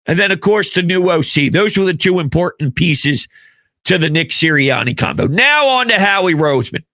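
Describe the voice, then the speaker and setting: A man giving fired-up sports opinion talk as a commentator, passionate and shouting out his big points. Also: high-pitched, animated, moderate pace, dry recording, studio quality.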